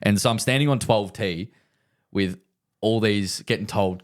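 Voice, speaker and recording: Rambling man, lowish voice. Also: moderate pace. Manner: rambling, repeats himself, laughs often. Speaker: podcast co-host. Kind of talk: casual chat.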